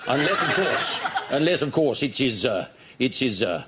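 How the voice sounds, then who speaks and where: A man's voice: mid-range voice, big pitch swings, normal speed, heavy background noise, voice pushed down, natural voice. A man doing an impression of a bumbling, greedy posh English politician, with blustering exclamations.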